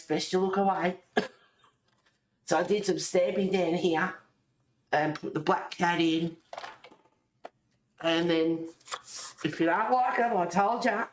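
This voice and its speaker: A woman's voice: lowish voice, slight background noise. A woman chatting casually in a craft vlog, rambling and laughing often as she shows her work. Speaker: colouring and junk-journal vlogger. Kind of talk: casual chat showing crafts. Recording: echoey room.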